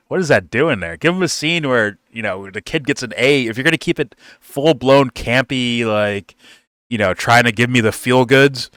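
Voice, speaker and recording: A man's voice: mid-range voice, normal speed, a bit bright, dry recording, studio quality. A man giving a casual, rambling film review, swearing freely and laughing often.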